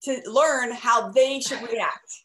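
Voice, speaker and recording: Woman host, 30s, conversational and chatty, a bit high-pitched. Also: slow, a bit bright, slight background noise. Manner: chatty, laughs often, many restarts. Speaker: parenting podcast host. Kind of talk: casual conversation.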